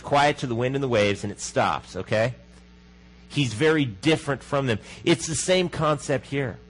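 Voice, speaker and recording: Through poor-quality audio, a pastor with a medium-pitched, slightly rough voice delivers his sermon in a conversational manner. He frequently puts questions to the congregation and lowers his voice to a hush to stress key points.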